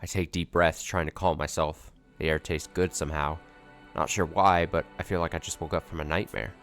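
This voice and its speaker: A man's voice: a bass voice, fairly even intonation, fairly quick, a bit bright, faint music behind. A man streaming a video game, reading its story text aloud dramatically and adding wry asides.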